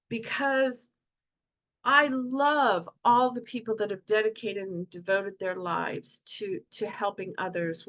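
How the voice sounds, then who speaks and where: A middle-aged woman speaking passionately to an online support group, telling heartfelt personal stories with lively quoted asides. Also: mid-range voice.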